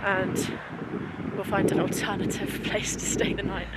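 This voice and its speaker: A young woman from England speaks slowly and gushes about the countryside as she films. She records on a handheld camera outdoors, with clear background noise and the occasional passing vehicle. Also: medium pitch, level tone. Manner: enthusiastic, gushing. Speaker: travel vlogger. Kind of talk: casual travel vlog.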